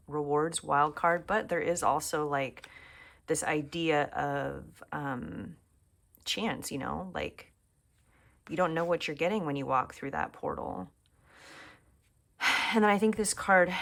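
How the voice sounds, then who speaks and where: A woman giving a casual tarot reading to camera at home, chatting and musing aloud and often dropping to a soft near-whisper. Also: sits low, gravelly. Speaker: tarot reader. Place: home room.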